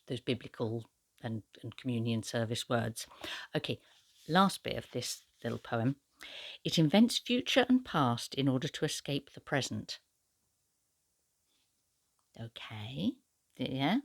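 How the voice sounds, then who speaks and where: A woman book vlogger chats casually about poetry in translation, sounding hesitant and using many fillers in this book review talk. Her voice is a rumbling low, with no echo.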